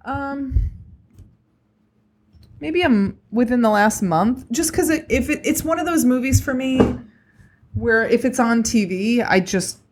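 A woman chatting on a podcast, talking in a chatty, animated way. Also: on the high side, a little slow, pauses often, background noise. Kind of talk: casual chat.

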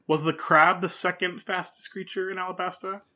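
Bright-voiced man chatting eagerly. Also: sits high, little pitch movement, normal speed. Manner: enthusiastic, fan-trivia, chatty. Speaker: podcast co-host. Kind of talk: casual chat recapping an anime.

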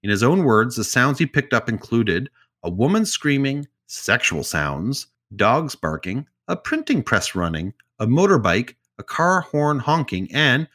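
A man in an easygoing podcast chat, retelling a strange tale at a middle pitch. His delivery is loose and conversational, with side remarks and jokes woven between the facts. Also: big pitch swings, unhurried, hardly any pauses, fairly bright tone. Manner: summarizes stories loosely with asides and jokes. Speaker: podcast co-host telling stories. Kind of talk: casual storytelling chat.

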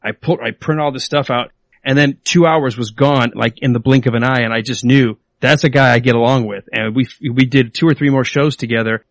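A male podcast host chats casually in a plain, mid-pitched voice, playful and prone to laughing. The sound is dry and close, with no room around it. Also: steady tone, brisk, creaky, no echo. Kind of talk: casual chat.

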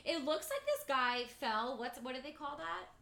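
A woman co-hosting a casual group podcast chat, talking animatedly and loudly when she mimics angry players. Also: high voice, very animated, moderate pace, gravelly, reverberant. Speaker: podcast co-host.

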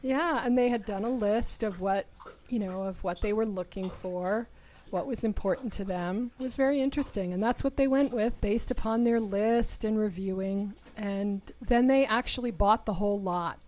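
A woman's voice: mid-range voice, normal speed, a little mellow. A woman co-hosting a casual discussion, relating stories at length with frequent restarts. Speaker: podcast co-host.

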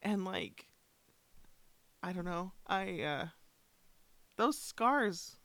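A woman listens and answers with frank empathy, swearing casually as she shares her own holiday pain. Her voice sits at a middle pitch and is recorded close and dry. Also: very slow, gravelly, fairly bright tone, dry recording. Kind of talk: supportive conversation.

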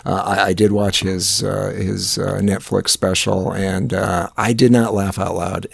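A deep, husky man banters on a podcast, stumbling through restarts as he builds his point. His gravelly voice is close to the mic with a dry sound and no room echo. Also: little pitch movement. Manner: halting, many restarts and fillers, dry teasing. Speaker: podcast co-host. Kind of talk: casual chat.

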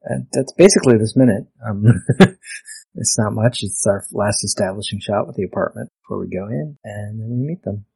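Husky low guy hosting a podcast, dry close sound, joking around. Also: a little fast, dark tone, no room sound, poor audio. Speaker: podcast host. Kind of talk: casual chat.

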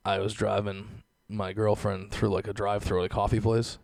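A man's voice: on the low side, flat delivery, moderate pace, creaky, a little mellow, dry recording. A young man hosting a podcast, ranting in casual, profane chat and laughing often. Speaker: podcast host.

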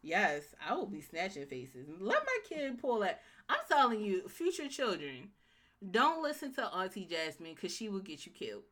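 A woman chatting as a co-host, her voice swinging widely in pitch as she gets worked up and acts out scenes. Her tone is bright and forthright, emphatic on every point. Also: huge pitch swings, normal speed. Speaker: podcast co-host. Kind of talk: casual chat recapping a TV show.

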